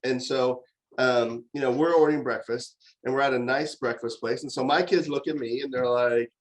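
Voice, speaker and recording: A middle-aged man giving a conversational university lecture on parenting, telling stories in an animated way with frequent fillers and restarts. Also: mid-range voice, normal speed, poor audio.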